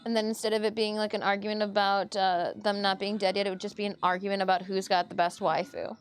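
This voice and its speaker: A woman streamer in casual chat, talking in an animated way. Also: mid-range voice, fast, faint music behind. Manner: chatty and animated.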